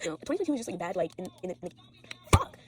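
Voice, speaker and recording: A woman's voice: fairly low pitch, sing-song, rapid-fire, very noisy. A teenage girl vlogging at home after an all-nighter, tired, swearing and rambling from topic to topic. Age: teens. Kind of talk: rambling late-night vlog.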